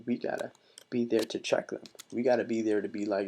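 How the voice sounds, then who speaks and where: Impassioned husky man, gravelly low voice. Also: level tone, fairly quick, a little mellow. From Mexico. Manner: impassioned, emphatic, repeats himself. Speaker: vlogger. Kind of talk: casual commentary vlog.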